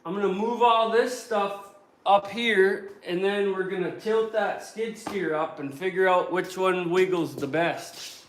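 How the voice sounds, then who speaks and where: A high-voiced man who talks slowly, grumbling and joking crudely to himself in a workshop. He sounds far from the mic in a very echoey space, with clear noise behind him. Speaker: vlogger. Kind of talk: casual workshop vlog. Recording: roomy and distant, noisy background.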